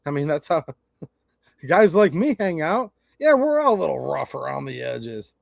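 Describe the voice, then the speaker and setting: A man with a high voice for a man gives casual opinion commentary to camera, blunt and folksy. The sound is dry and close, with little room reflection. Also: big pitch swings, measured pace, gravelly, no room sound. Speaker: channel host.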